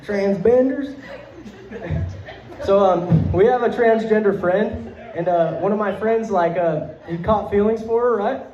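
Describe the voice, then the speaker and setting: High-voiced young man doing a rambling stand-up set. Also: normal speed, a little mellow. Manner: rambling, filler-heavy, profane, laughing through lines. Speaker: stand-up comedian. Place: comedy club stage before a live audience. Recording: roomy, dull club recording.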